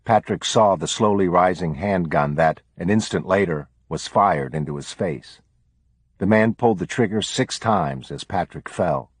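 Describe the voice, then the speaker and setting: Deep, husky man reading aloud. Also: dry recording. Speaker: podcast host.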